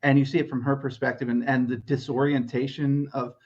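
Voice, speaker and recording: Brief: steady male podcast co-host, thoughtful recaps, slightly dull recording. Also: mid-range voice, slightly rough. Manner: measured, detailed, paraphrasing scenes. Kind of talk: casual podcast chat.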